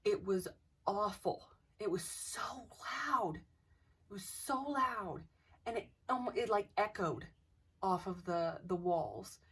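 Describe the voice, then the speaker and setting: A woman's voice: mid-range voice, expressive, takes it slowly, slightly rough, recorded from a distance. A young woman casually telling a ghost story, hesitant, with many restarts and dips into near-whispers.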